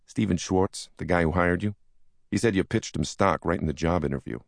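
A man playing a big, brash senior stockbroker in an audiobook, soothing and conspiratorial. The delivery is deep and gravelly, and the recording sounds dry and close. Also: fairly quick, dry recording.

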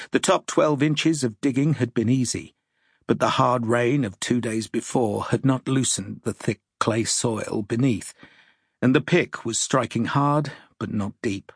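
A man narrating an audiobook in a measured, grave storytelling manner. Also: mid-range voice, no room sound, clean studio sound.

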